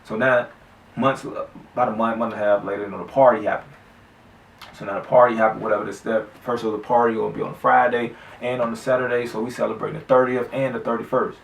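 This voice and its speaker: Brief: man, gravelly vocal fry, loose profane street storytelling, echoey room, off-mic. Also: fairly low pitch, little pitch movement, quick pace, distant mic. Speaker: vlogger telling his own story. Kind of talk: casual story time.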